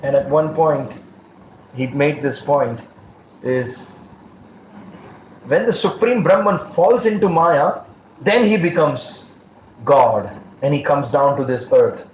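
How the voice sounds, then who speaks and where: A man's voice: a little high, expressive, slow pace, pauses often, a little mellow. A man giving a scripture class as a preacher, telling stories and acting out the dialogue, laughing now and then. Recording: dull roomy recording with faint noise.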